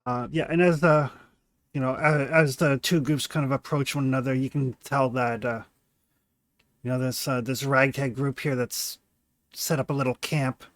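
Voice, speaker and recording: A man's voice: medium pitch, fairly even intonation, normal speed, dry recording. A man narrating a tabletop game as game master, hesitant and full of fillers.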